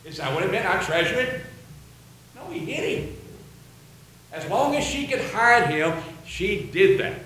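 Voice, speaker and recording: A man's voice: high-pitched, sing-song, normal speed, few pauses, bright, forceful tone, a little hiss or hum. A man preaching a sermon, reading and quoting scripture in an earnest way. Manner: earnest, quotes scripture aloud. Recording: very echoey room.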